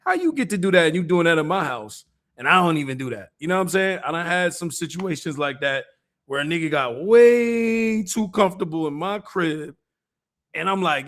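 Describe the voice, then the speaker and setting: A man's voice: fairly high pitch, expressive, fairly quick, fairly bright tone. A man hosting a stream, giving laid-back, amused streetwise commentary. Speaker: livestream host. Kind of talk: casual commentary chat.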